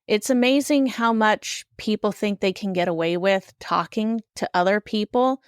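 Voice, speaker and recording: A woman's voice: mid-range voice, normal speed, clear, resonant tone, no echo, studio quality. A woman hosting a podcast interview, talking in a sympathetic, reflective way. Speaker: podcast host. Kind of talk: casual interview chat.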